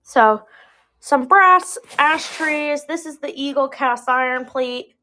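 A woman in her twenties chatting casually on a live sales stream, talkative and quick to laugh at her own slips. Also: high voice, sharp tone, a little hiss or hum. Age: 20s. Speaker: live online seller. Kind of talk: casual live-sale chat.

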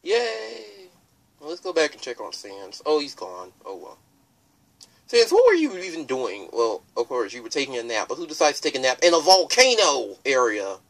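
A let's player giving excitable, jokey gameplay commentary. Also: medium pitch, moderate pace.

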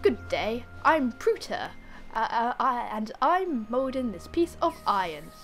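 Busy game blacksmith, a man, gruff and matter-of-fact, voice pushed down , done by a woman. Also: on the high side, very animated, measured pace, fairly bright tone, faint music behind, exaggerated voice. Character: plain hardworking male blacksmith.

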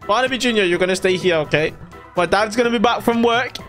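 A man doing a squeaky mischievous toddler. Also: fast talker, a bit bright, soft background music. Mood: gleeful. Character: mischievous toddler boy, gleeful troublemaker. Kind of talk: comedic game role-play.

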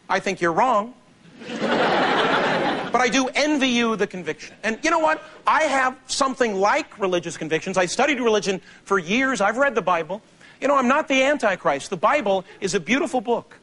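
A man performing a stand-up monologue on a theater stage, telling stories in an animated, sardonic way. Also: high-pitched, moderate pace. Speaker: comedian. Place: theater stage before a large audience.

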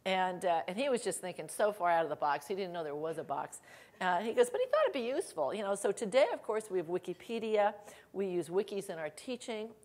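A middle-aged woman giving a conference keynote, telling lively anecdotes with laughter and acted quotes. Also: fairly low pitch. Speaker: keynote speaker. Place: conference hall stage.

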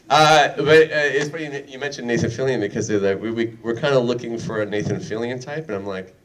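A man's voice: lowish voice, fast talker, few pauses, far from the mic. A man speaking as a guest on a convention panel, joking and teasing with lots of laughter. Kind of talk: casual convention panel talk. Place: convention panel room with audience. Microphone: filmed from the audience.

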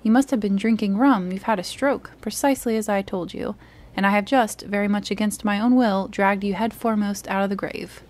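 A woman's voice: medium pitch, fairly quick, a little mellow, natural voice. A woman playing a stern, scolding doctor. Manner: firm, scolding. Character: stern, brisk male country doctor.

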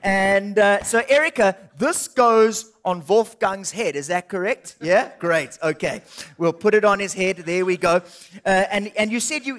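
A man's voice: high-pitched, a bit bright. A South African ventriloquist comedian chatting easily with the crowd as he brings a guest on stage. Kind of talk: live stand-up crowd work. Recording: live show with crowd and noise.

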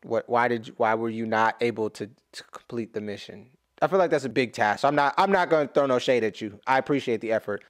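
A man giving casual reaction commentary as a YouTuber, rambling, correcting himself and adding humorous asides. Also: mid-range voice.

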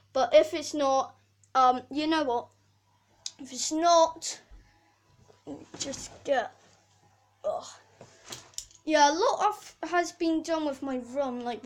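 A preteen girl with a high voice posts a casual video update from her bedroom, speaking slowly with long pauses on a rough recording. She rambles, apologizes often, and uses many fillers.

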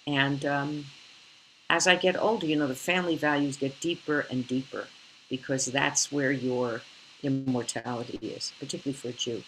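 An older woman, an actress, telling stories in an animated, theatrical way over a video call. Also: a bass voice, a little hiss or hum, low-quality recording. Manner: theatrical, expressive, slips into character voices. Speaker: actress guest. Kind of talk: animated interview storytelling.

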